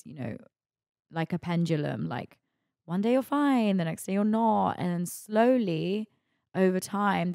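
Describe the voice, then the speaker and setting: A woman's voice: lowish voice, gravelly, darkish tone, no room sound, clean studio sound. A woman, hosting a podcast in a candid, chatty monologue full of "like" and "you know". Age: 20s. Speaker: podcast host.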